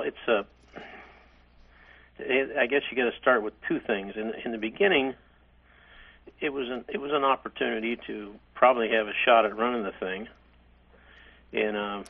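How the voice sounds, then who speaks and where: An older man, a hotel chairman, telling stories from his career in a halting, rambling way with frequent restarts. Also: on the low side, husky, narrow, tinny audio. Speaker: interview guest, hotel chairman. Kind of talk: reminiscing interview.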